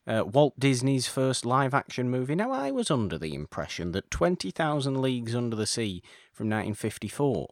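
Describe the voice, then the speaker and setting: A podcast host with a mid-range voice talks very animatedly and fairly quickly, barely pausing, in a casual chat full of rambling, self-corrections and frequent chuckles. The recording is studio quality with no room sound.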